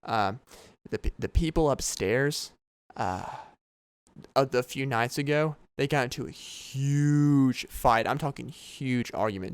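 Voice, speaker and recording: Late at night in his downstairs apartment, a young man hosts a casual solo podcast with a clean, medium-pitched voice. He rambles, jokes, and keeps breaking into laughs.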